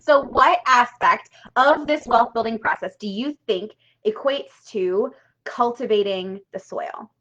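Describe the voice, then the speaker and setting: A woman leads a live online workshop in a chatty, emphatic way, dropping casual swears and checking in with "right?" all the time. Her voice sits a little high, and the stream audio sounds dull and lo-fi. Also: measured pace, a bit bright. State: tearful at times. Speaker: money coach hosting a live workshop.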